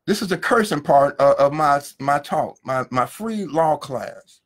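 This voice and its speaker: A man's voice: a little high, expressive, a little slow. A middle-aged man, a law professor, ranting angrily and profanely on a live video feed, firing off rhetorical questions and repeating words as he goes. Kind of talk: heated live-stream rant. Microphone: phone or webcam, live video feed.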